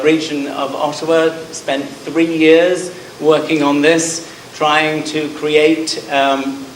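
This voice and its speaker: A man's voice: a little high, a little hiss or hum. A middle-aged man from Scotland with a southern English accent, giving a conference talk with frequent ums and a self-deprecating manner. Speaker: conference speaker. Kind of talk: conference presentation. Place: conference hall. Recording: roomy hall sound from a distance.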